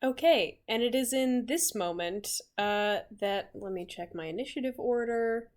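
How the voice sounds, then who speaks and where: A woman running a tabletop role-playing game as game master, narrating scenes slowly with many fillers. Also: a little high, lively intonation. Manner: unhurried, filler-heavy narration.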